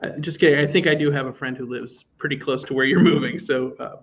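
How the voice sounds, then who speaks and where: A man's voice: mid-range voice, steady tone, fast talker. A man from Indiana hosting a comedy show, chatting casually with a guest and rambling with plenty of fillers. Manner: rambling, lots of fillers, laughs easily. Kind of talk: casual chat with a guest comic. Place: Twin Cities, on a video call. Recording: muffled video call audio with faint noise.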